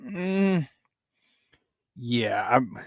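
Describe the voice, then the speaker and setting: A man's voice: drawn-out words, dry recording. Fired-up male sports show host. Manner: hyped up, shouting out viewers by name; swings between loud excitement and low, tired muttering. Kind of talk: casual morning sports talk show.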